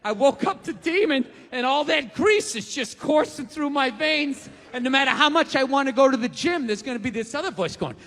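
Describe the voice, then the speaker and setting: A man's voice: extremely high pitch, expressive, a little fast, few pauses, pushed and bright. A man in his forties doing a profane, exasperated stand-up rant on a big theater stage, with the audience laughing. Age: 40s. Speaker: stand-up comedian. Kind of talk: stand-up routine. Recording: live theater with long reverb.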